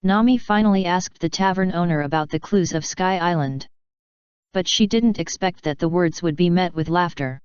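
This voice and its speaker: A woman reading a fanfiction audiobook in an even, unhurried way. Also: fairly low pitch, smooth, dry recording. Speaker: audiobook narrator. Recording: dry, slightly dull recording.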